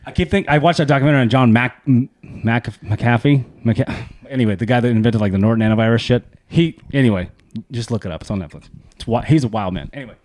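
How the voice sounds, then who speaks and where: A man co-hosting a podcast, telling stories in casual chat, profane and animated. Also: mid-range voice. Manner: fast, profane, animated storytelling. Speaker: podcast co-host.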